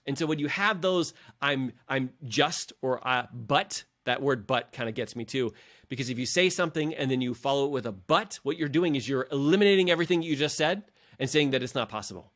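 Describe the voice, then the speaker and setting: Man, middle-aged, podcast host, motivational coach, casual, encouraging, mid-pitched voice. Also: animated, fast, fairly bright tone. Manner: earnest and encouraging, addresses listeners as guys.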